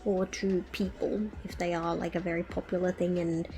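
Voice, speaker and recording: Chatty woman streamer, mellow voice. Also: fairly low pitch, flat delivery, normal speed. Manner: chatty, muttering to herself, playful baby talk. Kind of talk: casual craft stream chat.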